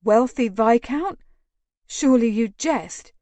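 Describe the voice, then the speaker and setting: A woman voicing a proud young widow who speaks with tight, controlled defiance, slowly and in a dry sound. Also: fairly high pitch, expressive, dark tone, no echo. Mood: defiant.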